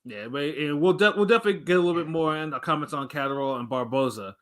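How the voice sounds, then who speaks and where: A man's voice: a little high, quick pace, fairly bright tone. A man co-hosting a boxing talk show in easygoing casual chat, with many fillers. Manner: easygoing, filler-heavy, laughs along.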